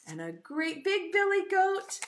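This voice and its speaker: A woman's voice: very high-pitched, big pitch swings, a little slow, fairly bright tone. A woman teaching an online preschool lesson in a sing-song, encouraging way, stretching out key words for young children.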